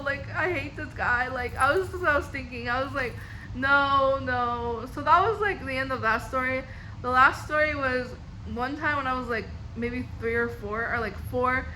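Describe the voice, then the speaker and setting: Bright-voiced young woman telling stories. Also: on the high side. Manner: rambling, full of "like" and restarts. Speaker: vlogger. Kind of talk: casual storytelling.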